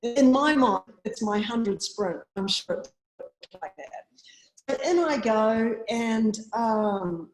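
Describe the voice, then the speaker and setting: Woman, New Zealand accent, animated storyteller, higher voice, roomy echoey sound. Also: takes it slowly. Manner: acts out her own past lines with big jumps in pitch. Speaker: guest, marathon swimmer.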